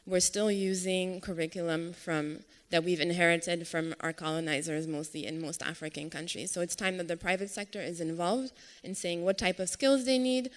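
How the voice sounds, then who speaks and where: A woman answering as a panelist in a steady, matter-of-fact way. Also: lowish voice, normal speed. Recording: long hall reverb.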